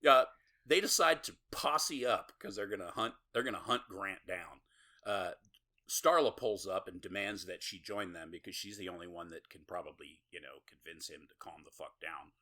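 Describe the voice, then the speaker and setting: A man hosting a podcast, casually retelling a horror movie with laughs, swearing and quick quoted lines. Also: low-pitched, pushed and bright. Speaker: podcast host. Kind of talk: casual movie recap chat.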